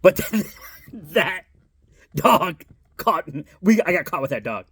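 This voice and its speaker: A man's voice: high-pitched, sing-song, slow pace, fairly bright tone, breathy edge, dry recording. A middle-aged man telling a personal story in a rambling, casual way, swearing and laughing as he goes. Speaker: vlogger.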